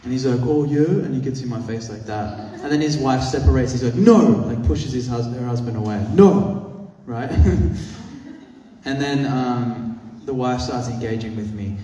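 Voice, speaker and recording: A man teaching a masterclass as an animal rights activist, telling a story with animated, acted-out quotes and frequent swearing. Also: mid-range voice, normal speed, slight background noise. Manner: animated, acts out quoted voices, swears freely. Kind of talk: storytelling lecture. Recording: echoey hall, mic at a distance.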